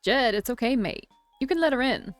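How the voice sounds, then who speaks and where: A woman's voice: fairly high pitch, expressive, normal speed, no room sound, faint music behind, voice pushed up, close to an everyday voice. A woman voicing a charming, teasing young man in a visual novel, amused and playful.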